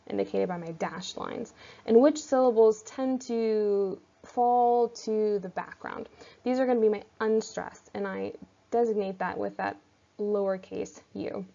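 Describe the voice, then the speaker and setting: A woman teacher giving a recorded lecture, explaining step by step in a clear, methodical way. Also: mid-range voice, warm tone. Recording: slightly dull lo-fi audio.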